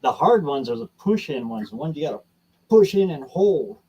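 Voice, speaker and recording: A man's voice: fairly high pitch, big pitch swings, moderate pace, warm tone, breathy edge, poor audio. A man joining a live chat about car repairs with short, offhand remarks.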